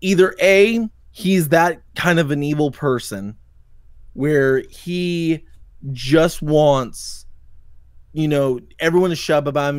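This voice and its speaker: A podcast host with a fairly high voice delivers angry, profane livestream commentary on an online drama, parodying the people involved with mocking impressions. The recording is dry and clean, studio quality.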